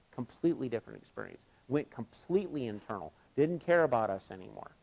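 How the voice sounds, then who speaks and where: Animated male workshop facilitator telling stories. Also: mid-range voice, fast, gravelly, few pauses. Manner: animated, acts out both sides of dialogues. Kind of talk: live workshop storytelling. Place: live workshop session at a conference.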